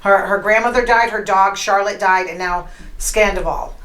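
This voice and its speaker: A woman's voice: medium pitch, steady tone, normal speed, fairly bright tone. An opinionated woman hosts her podcast in a casual gossip monologue, retelling stories and dropping into quoted lines. Her voice sits in a middle register. The room around her is echoey. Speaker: podcast host.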